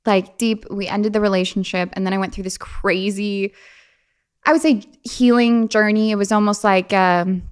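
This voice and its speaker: A young adult woman speaking as a guest on an interview podcast, casually telling personal stories in an animated way, with lots of fillers and laughs. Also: mid-range voice, moderate pace, clear, resonant tone.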